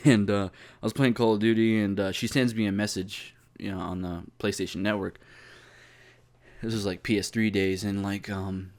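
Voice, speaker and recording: A man's voice: on the low side, fairly even intonation, normal speed, a little mellow. Profane, rambling young man telling stories. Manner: rambling, profane, many fillers and restarts. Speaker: YouTuber. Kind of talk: casual storytelling vlog.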